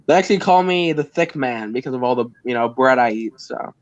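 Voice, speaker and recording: A man's voice: mid-range voice, lively intonation, a little fast, dry recording, muffled recording. A man joking around on a casual livestream in a goofy, laughing manner. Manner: jokey, goofy, laughs a lot.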